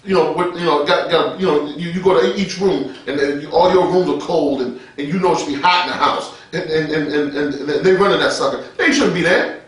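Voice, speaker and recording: A man with a high voice preaches a loose, conversational sermon for online radio. He talks street-style, chuckles often and restarts his sentences. He sits back from the mic in a very echoey room. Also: a little fast, fairly bright tone, distant mic. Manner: colloquial, street-talking, chuckling, frequent restarts. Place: his office.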